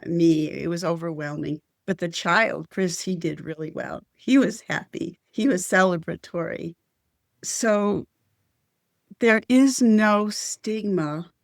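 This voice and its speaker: Earnest older woman with a gravelly voice. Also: fairly low pitch, no room sound, studio quality. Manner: earnest, heartfelt, spiritual. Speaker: interview guest. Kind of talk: personal storytelling.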